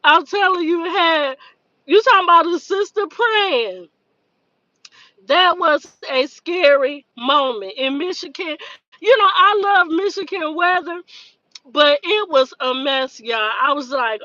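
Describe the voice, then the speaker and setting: A woman's voice: very high-pitched, unhurried, dry recording, highs cut off. A woman hosting a casual livestream who tells stories to her viewers, laughs often and acts out the voices in her stories. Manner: lively, laughs often, acts out quoted dialogue. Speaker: livestream host.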